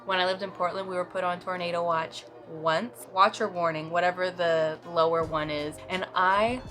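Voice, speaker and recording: With faint music in the background, a young woman from the US West Coast chats casually to camera. She exaggerates for comic effect and does playful voices in her stories, speaking at normal speed in a fairly low, steady, fairly bright voice.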